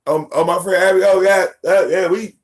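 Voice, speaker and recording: A man in his forties, host of a live stream, telling casual stories about his daughter in a profane, animated way, acting out what people said. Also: high-pitched, brisk. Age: 40s. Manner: profane, animated, acts out quotes. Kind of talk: casual storytelling.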